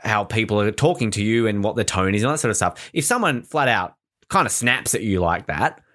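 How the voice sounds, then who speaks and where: A man co-hosting a podcast in casual chat, expressive and playful, swooping his voice up for jokes. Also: on the low side, fairly quick. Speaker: podcast co-host.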